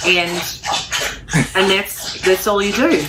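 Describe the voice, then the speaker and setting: A man's voice: high voice, slow, heavy background noise. A man from New Zealand with a New Zealand accent, chatting playfully as a podcast co-host. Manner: playful, teaching a mock accent trick. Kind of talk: casual chat. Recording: distant from the mic.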